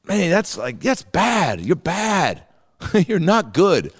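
A man's voice: high voice, wildly swooping pitch, husky, pitched above the performer's own voice, heavily acted. A laid-back male music judge who drawls out slangy jeers, done by a man. The voice jumps far above the performer's own and rings with a long reverb. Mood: jeering. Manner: casual slang, drawn-out jeers.

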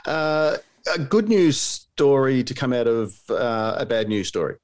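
A man's voice: medium pitch, a little slow, a little mellow. An Australian man hosting a podcast from his home office, chatting casually with rambling asides, self-deprecating jokes and plenty of fillers. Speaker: podcast host. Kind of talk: casual chat. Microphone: studio podcast mic.

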